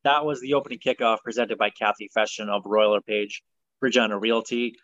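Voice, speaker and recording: A man's voice: lowish voice, brisk, dry recording, dull audio. A man hosting a football talk show, chatting casually and firmly with fillers and opinions. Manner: relaxed, opinionated, many ums and uhs. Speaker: sports podcast host.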